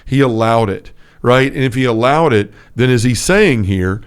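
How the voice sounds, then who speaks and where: A man's voice: mid-range voice, expressive, normal speed, clear, resonant tone. A man co-hosting a casual faith podcast, telling stories earnestly with lots of fillers. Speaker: podcast co-host.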